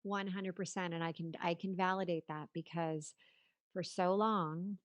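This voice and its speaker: A woman's voice: lowish voice, steady tone, measured pace, no room sound. A woman hosting a podcast interview, chatting casually and asking questions. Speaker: podcast host.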